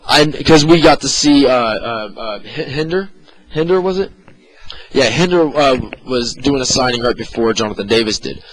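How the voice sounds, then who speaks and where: Profane, animated man telling a story. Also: medium pitch, normal speed, rough recording. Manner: profane, animated, exaggerated retelling. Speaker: podcast co-host. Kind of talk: casual storytelling.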